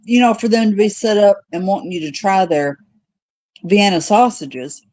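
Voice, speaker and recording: A woman's voice: mid-range voice, normal speed, darkish tone, dry recording, rough recording. A woman co-hosting a casual chat, breaking in with wry jokes. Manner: wry joking interjections.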